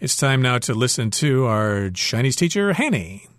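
A man's voice: medium pitch, big pitch swings, normal speed. A man teaching English on a radio lesson, explaining words and lines of dialogue with patient everyday examples.

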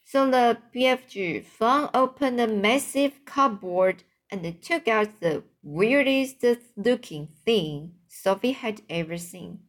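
A woman reading a children's book aloud, halting over unfamiliar words and adding brief asides. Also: on the high side, animated. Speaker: reader.

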